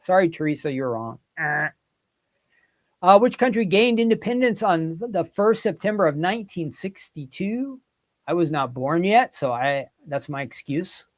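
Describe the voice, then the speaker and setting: A livestream host whose voice is on the high side and expressive runs a casual quiz at moderate speed. He jokingly teases viewers as he reads their guesses and comments aloud.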